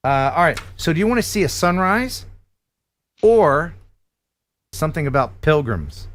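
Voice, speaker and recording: A man's voice: a little high, a little slow. A man from the United States hosting a live stream from home, chatting casually and cracking jokes. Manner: jokey, animated banter. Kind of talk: casual chat.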